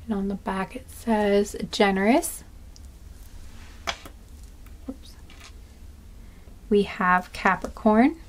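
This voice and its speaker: A woman doing a slow, soft-spoken pick-a-card reading, listing charms one by one with small asides. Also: medium pitch, slight background noise. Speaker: tarot card reader.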